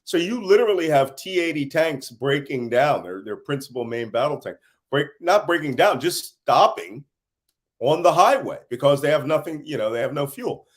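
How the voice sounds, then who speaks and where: A middle-aged man from the United States who says he is tired, answering interview questions as an intelligence analyst and telling animated stories between laughs. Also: fairly high pitch, normal speed.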